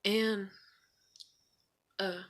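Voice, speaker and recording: A woman's voice: medium pitch, flat delivery, very slow, a bit bright. A young woman, telling a personal story to the camera in a rambling, casual way, full of fillers and swearing. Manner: rambling, lots of fillers and asides, swears freely. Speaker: vlogger.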